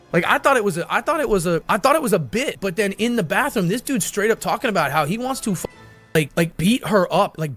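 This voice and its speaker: A man's voice: high voice, a bit bright. A man streamer telling a story casually, rambling and restarting his sentences often.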